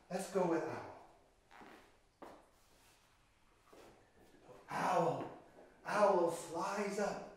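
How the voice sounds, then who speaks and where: A man's voice: high-pitched, darkish tone. Older man telling a children's story. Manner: dramatic, with gasps and sung chants, speaking directly to the listeners. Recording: echoey room, from far off the mic.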